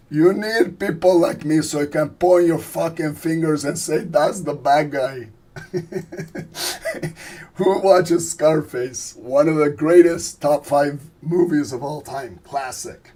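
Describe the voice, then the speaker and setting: A hoarse man putting on the voice of a tough, swaggering old movie mobster during his stream. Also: fairly high pitch, takes it slowly, pauses often, warm tone.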